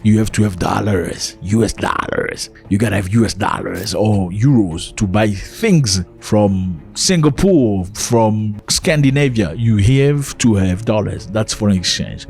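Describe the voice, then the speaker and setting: A man giving animated news commentary, asking rhetorical questions and explaining things to his viewers. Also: fairly low pitch, a little slow, creaky, hardly any pauses, faint music behind.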